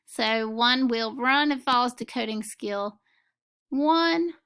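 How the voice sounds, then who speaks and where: A woman leads a phonics reading lesson and takes each word apart syllable by syllable. Her voice is bright and smooth with some gravel in it. She talks slowly and deliberately. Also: on the high side. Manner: slow, clear, methodical word-by-word decoding. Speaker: teacher.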